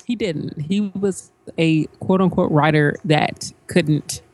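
A woman's voice: low-pitched, takes it slowly, a little mellow. A woman co-hosting a podcast, chatting casually in loose, rambling phrases that trail off. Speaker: podcast co-host. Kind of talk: casual chat.

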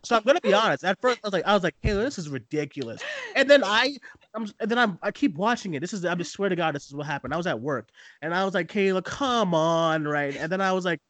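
Podcast co-host, male, slightly high pitch, dry close sound, rambling animated storyteller. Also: rapid-fire, no room sound. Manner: rambling, many restarts, animated retelling. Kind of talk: casual live podcast chat.

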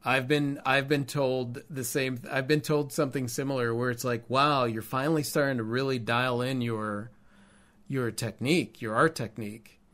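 Male artist co-host, mid-pitched, casual and outspoken storyteller. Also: normal speed. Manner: candid, animated storytelling with swearing. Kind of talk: casual podcast chat.

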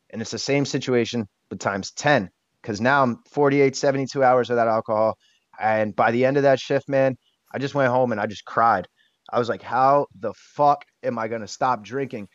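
A man's voice: mid-range voice, normal speed, no echo. Emotional man, candid and blunt. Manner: emotional, blunt, swears casually, many restarts. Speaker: podcast guest. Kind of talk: candid personal storytelling. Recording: dull lo-fi dry sound.

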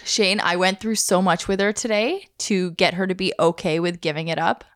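A woman's voice: fairly low pitch, fairly even intonation, normal speed, no room sound, clean studio sound. A woman in her thirties co-hosting a podcast, telling stories in a casual, chatty way and laughing easily. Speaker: podcast co-host. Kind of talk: casual chat.

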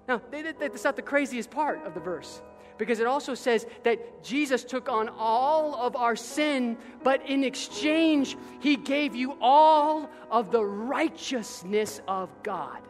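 A man's voice: extremely high pitch, animated, unhurried, soft background music. Impassioned male pastor preaching in a reverberant church. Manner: impassioned preaching, rising to near-shouts and dropping to quiet. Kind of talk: sermon.

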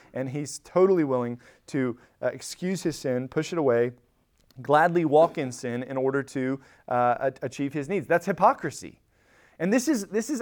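A man teaching a church Bible study in a conversational way, animated, often restarting phrases and acting out quoted lines with rising emphasis. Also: fairly high pitch.

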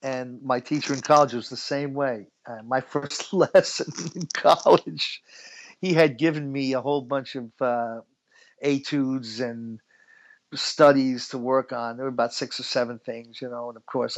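A man's voice: medium pitch, fairly even intonation, unhurried, highs cut off. A middle-aged man from the United States telling stories as an interview guest, chatty and laughing often. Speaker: guest musician. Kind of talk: relaxed storytelling interview.

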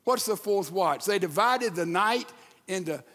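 A man preaching a sermon with emphatic delivery and dramatic pauses. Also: sits high, expressive, fairly bright tone, in a large hall. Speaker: pastor.

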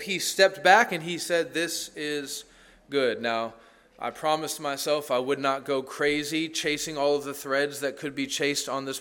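A man's voice: on the high side, a bit bright. A man preaching a sermon in a church, earnest and emphatic, with repeated phrases and rhetorical questions. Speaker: pastor. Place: church sanctuary.

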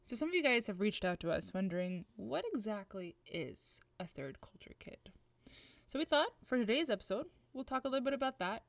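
A woman's voice: medium pitch, sing-song, no room sound. A woman hosting a podcast, opening the episode and explaining an idea in a thoughtful, conversational way. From Libya. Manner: fast, upbeat intro, then thoughtful explaining. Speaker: podcast host. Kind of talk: podcast intro and discussion.

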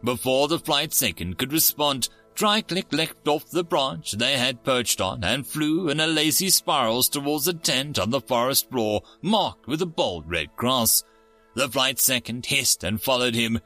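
A man narrating a story in a steady storybook reading. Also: medium pitch, a little slow, faint music behind.

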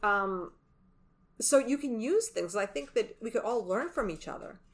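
Woman cohost chatting on a podcast, lively and emphatic, voice jumps up high when she gets going. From Latin American heritage. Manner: animated, emphatic, quick swings in pitch. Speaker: podcast co-host. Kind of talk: casual chat.

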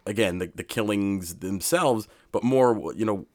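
A man hosting a podcast, introducing a segment with many pauses and restarts. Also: fairly low pitch, no echo, studio quality. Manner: hesitant, many ums and restarts. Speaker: podcast host. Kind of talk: casual podcast talk.

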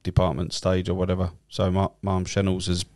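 Low-voiced man, sweary cabbie. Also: completely flat delivery, a little fast, darkish tone. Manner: rambling, swears a lot. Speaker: cab driver, podcast guest. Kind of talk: casual chat.

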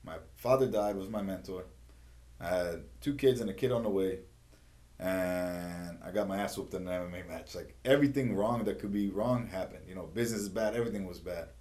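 Middle-aged male martial arts coach, low voice, animated storyteller, casual interview guest. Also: a little fast. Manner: animated storyteller, peppers talk with "you know what I mean". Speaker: jiu-jitsu instructor and gym owner.

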